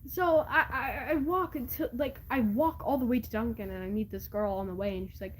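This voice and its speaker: A teenage girl casually telling childhood stories, rambling and halting with many fillers and restarts, often giggling. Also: a little high, a little hiss or hum, poor audio. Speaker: vlogger. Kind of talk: casual storytelling.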